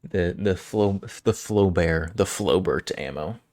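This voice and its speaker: A man streaming live, chatting casually with frequent chuckles and halting restarts as he rambles. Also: low-pitched, darkish tone, no echo, studio quality.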